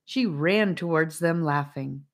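A woman's voice: deep voice, takes it slowly. A woman narrating a storybook, reading aloud and addressing the listener. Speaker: audiobook narrator.

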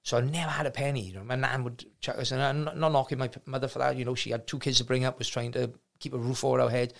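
Fast-talking gravelly man. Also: medium pitch, fairly even intonation. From South Wales. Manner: rambling, frank, with many restarts. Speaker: martial arts gym owner, guest. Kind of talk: casual storytelling interview.

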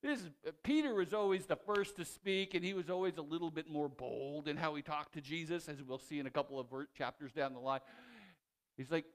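A man preaching a sermon, retelling a story with lively, animated delivery that swings between loud and hushed, with frequent restarts. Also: on the high side, fairly quick. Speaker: pastor.

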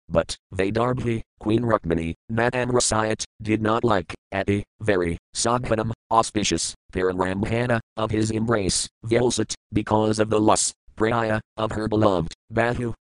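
Male scripture reader, measured and formal, middle pitch, dry recording. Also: no echo, rough recording. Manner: measured, formal reading with Sanskrit recitation. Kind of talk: scripted recitation of verses and translations.

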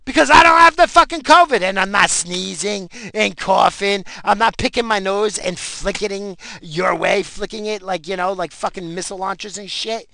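A man ranting angrily to the camera, swearing constantly and bursting out in animated, profane outbursts. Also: sits high, creaky, no room sound. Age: adult with a job and in-laws. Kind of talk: profane comic rant.

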